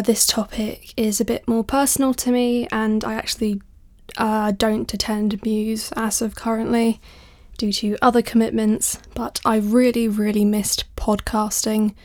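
A woman's voice: a little high, darkish tone. A woman talking casually on a podcast, chatty and self-deprecating, a little out of breath. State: a bit out of breath. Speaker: podcast guest.

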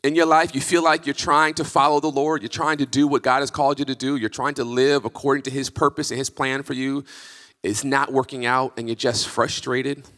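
A male pastor preaching a sermon in a church, impassioned and emphatic, building to near-shouts. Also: mid-range voice, little pitch movement, brisk. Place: church sanctuary. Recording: reverberant church hall.

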